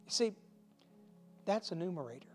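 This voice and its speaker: A man preaching a short devotional in a folksy, earnest way, joking at his own expense now and then. His voice sits a little higher than most men's. Soft music plays faintly behind him. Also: animated, moderate pace. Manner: folksy and earnest, with self-deprecating asides. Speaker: pastor. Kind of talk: short recorded devotional sermon.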